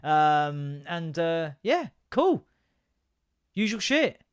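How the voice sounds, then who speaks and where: A young man with a fairly high voice hosts a solo podcast in a loose, rambling way. He swears constantly, laughs at his own stories and hops from one rant to the next. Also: big pitch swings, drawn-out words, clear, resonant tone. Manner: sweary, chatty, laughs often, jumps between rants. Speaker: podcast host.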